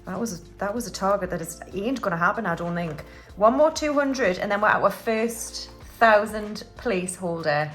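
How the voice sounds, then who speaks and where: A woman, talking in a loose, chatty way as she counts money out loud for her viewers. Her voice sits at a medium pitch, with offhand asides between the numbers. Light music plays faintly underneath. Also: expressive, normal speed. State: slightly unwell, clearing throat. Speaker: budgeting YouTuber. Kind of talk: casual chatty voiceover while counting cash.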